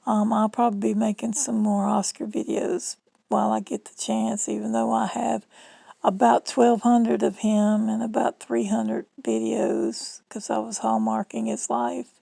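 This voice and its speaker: A middle-aged Southern woman talking to her phone in a loose, rambling vlog, folksy and chatty. Her voice sits a little high and is heavily gravelly with vocal fry. The sound is dry and close, with almost no room around it. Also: little pitch movement, measured pace, warm tone, no echo, low-quality recording. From Southern United States. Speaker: vlogger. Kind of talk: rambling casual monologue.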